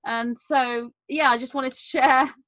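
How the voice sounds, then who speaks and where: High-voiced woman telling a personal story. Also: a little slow, no room sound. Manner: earnest, animated retelling with many restarts. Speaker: round table guest. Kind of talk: personal storytelling in an online panel.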